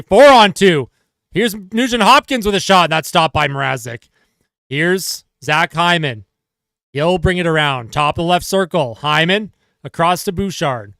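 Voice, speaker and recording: High-voiced fan doing rapid play-by-play. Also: male voice, fairly bright tone, no room sound, studio quality. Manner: fast play-by-play, exasperated and sarcastic at his team. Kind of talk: live fan play-by-play commentary.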